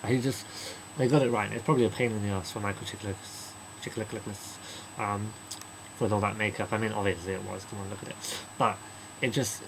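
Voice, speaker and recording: A man giving a casual spoken film review, rambling and chatty, slipping into quick mocking impressions of characters. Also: on the low side, steady tone, vocal fry, background noise. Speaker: movie reviewer.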